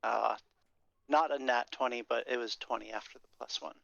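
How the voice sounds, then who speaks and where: A man's voice: mid-range voice, fairly even intonation, moderate pace, gravelly, a bit bright, dry recording. A man playing in a tabletop game, talking casually and hesitantly. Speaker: player. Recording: dull lo-fi microphone.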